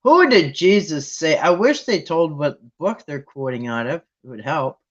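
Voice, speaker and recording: A man hosting a Bible trivia game with viewers, chatting casually and thinking aloud with restarts and sudden excited jumps. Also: a little high, normal speed. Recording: dull lo-fi sound.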